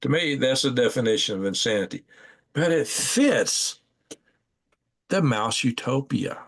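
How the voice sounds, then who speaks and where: A man's voice: medium pitch, expressive, unhurried. A man hosting a casual live stream, rambling in a folksy way and thinking aloud as he clicks through maps at home at night. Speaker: channel host.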